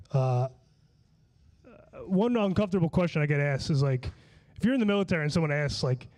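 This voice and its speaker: A man's voice: a little high, animated, quick pace, a little mellow. A man from Long Island doing a stand-up comedy set, slightly tipsy and slurring, with a loose, rambling delivery full of restarts and swearing. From Long Island, New York.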